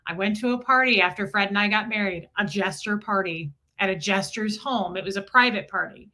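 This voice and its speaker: A woman co-hosting a live stream, telling a personal story in an earnest, animated way that repeats itself. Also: mid-range voice. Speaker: co-host.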